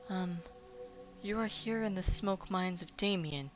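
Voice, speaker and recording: A woman voicing a nervous, fussy clerk of the mines who talks in a hesitant, halting, polite way. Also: lowish voice, faint music behind, lightly acted. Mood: explaining. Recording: dull lo-fi with faint noise.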